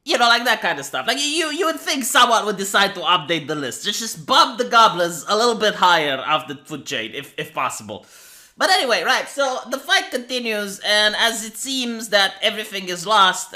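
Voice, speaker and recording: In casual commentary over clips of an anime episode, a man with a high, bright, forceful voice rants sarcastically. He swears freely and keeps asking rhetorical questions.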